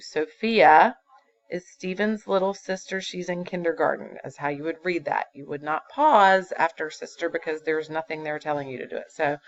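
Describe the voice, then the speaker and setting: A woman teaching a fifth-grade grammar lesson, patient and explaining step by step with fillers. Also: sits low. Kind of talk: recorded classroom grammar lesson. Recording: dull lo-fi computer recording.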